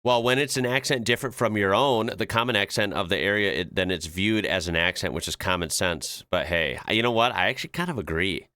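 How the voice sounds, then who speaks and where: A man's voice: lowish voice, a little fast, few pauses, pushed and bright, clear, resonant tone, dry recording. A man from the northern US with a Northern American accent, hosting a reaction video in chatty, rambling commentary, often checking in with "right?". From northern United States. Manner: chatty, self-correcting, rhetorical "right?". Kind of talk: casual commentary.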